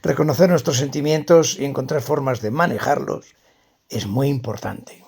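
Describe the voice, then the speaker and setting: Calm friendly man, reassuring, man reading, husky, gravelly. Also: medium pitch, a little fast. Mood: supportive. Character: friendly adult man chatting calmly. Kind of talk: scripted dialogue reading.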